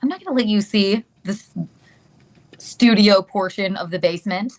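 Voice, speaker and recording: A woman's voice: mid-range voice, normal speed, a little mellow. A woman chatting casually on a livestream, cooing at a dog and thanking viewers. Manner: cooing, giggly, talks to a dog. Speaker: guest in a played livestream clip.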